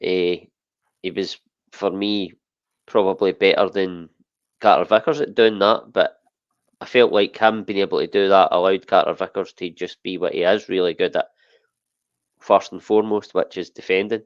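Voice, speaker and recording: A Scottish man chatting on a podcast, with a low voice and a rambling delivery full of "eh" and "listen." The sound is dry, close and dull. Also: steady tone, normal speed, dry recording. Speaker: podcast co-host. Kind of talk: casual football chat.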